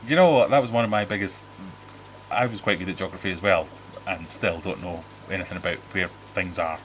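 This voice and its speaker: A middle-aged British man with a lowish voice hosts a casual livestream from his home fish room. He rambles and restarts his sentences, cracks dry jokes and reads viewer comments aloud. A faint hiss of noise sits behind him. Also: a little fast, fairly bright tone. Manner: rambling, jokey, self-interrupting. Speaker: livestream host. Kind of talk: casual live-stream chat reading viewer comments.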